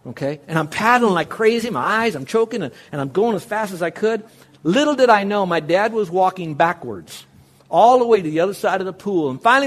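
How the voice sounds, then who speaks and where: A middle-aged male pastor preaching a sermon, speaking earnestly and directly to his listeners. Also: sits high.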